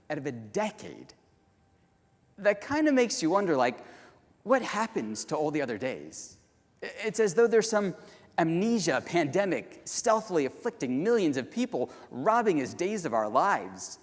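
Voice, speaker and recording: Male keynote speaker, lively storytelling delivery, hall reverb. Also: fairly high pitch. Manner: animated, addresses the audience directly. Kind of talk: storytelling conference talk. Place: large conference hall.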